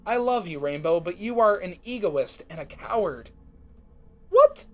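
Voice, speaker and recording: A man voicing an excitable young female pony who turns bitter and scolding. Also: high voice, moderate pace. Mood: cold. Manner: bubbly, then sharply scolding.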